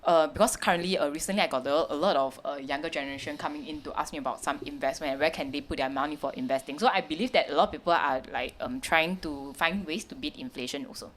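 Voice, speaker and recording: A woman's voice: low voice, fast, few pauses. A woman with a Singaporean English accent co-hosting a casual chat about money, talking in a hesitant, chatty way with frequent laughs. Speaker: podcast co-host.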